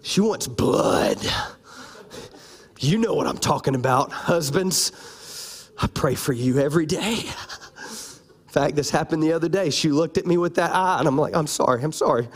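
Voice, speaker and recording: A man preaching a sermon, animated and playful, calling out to his congregation. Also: fairly high pitch, normal speed. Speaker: pastor.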